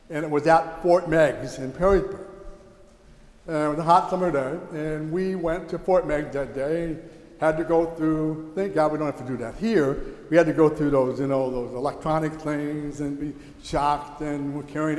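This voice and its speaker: High-voiced guy telling a story in church, gets all worked up, big echoey hall. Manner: animated, exclaiming, retelling with rising excitement. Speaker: church speaker teaching about the mass. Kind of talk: storytelling talk to a congregation.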